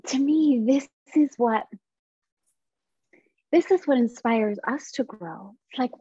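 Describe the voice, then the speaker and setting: A woman's voice: on the high side, expressive, normal speed, darkish tone, slightly rough, no echo. Woman guest; earnest, reflective, dry and slightly dull lo-fi sound. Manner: earnest, reflective, acts out inner voices in quotes. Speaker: guest, business founder. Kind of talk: casual interview conversation.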